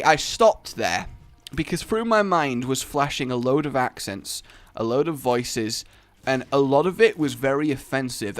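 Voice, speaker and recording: Animated man rambling over gameplay. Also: mid-range voice, no echo. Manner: rambling, joking tangents. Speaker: gaming channel host. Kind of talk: let's play commentary.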